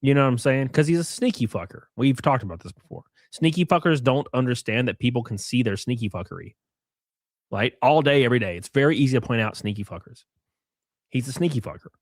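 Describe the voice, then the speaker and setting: A young man streams from home, talking casually into a close desk mic. His tone is mocking and sarcastic, and he swears freely. His voice sits at an ordinary middle pitch, and the sound is dry, with no room echo. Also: animated, fast. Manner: thanks viewers for gifted subs. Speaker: live stream host.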